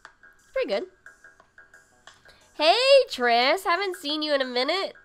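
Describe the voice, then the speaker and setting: Her voice is high and expressive, fairly bright, with a measured pace. She runs a cooking livestream at home, rambling through casual chat, reading viewers' comments, and leaning heavily on fillers.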